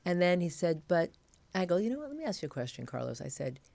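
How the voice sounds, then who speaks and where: A woman's voice: fairly low pitch, fast talker, gravelly, noisy background. A middle-aged woman being interviewed, telling stories with energy and acting out what others said. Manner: animated storyteller, acts out quotes. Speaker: interview guest. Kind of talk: casual interview chat.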